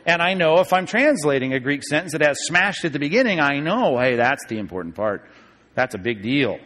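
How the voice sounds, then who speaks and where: Lively man teaching Bible Greek. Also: on the high side. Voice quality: lively, joking, moves between quick asides and slow deliberate reading. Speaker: pastor teaching a Bible study. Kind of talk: classroom-style Bible teaching.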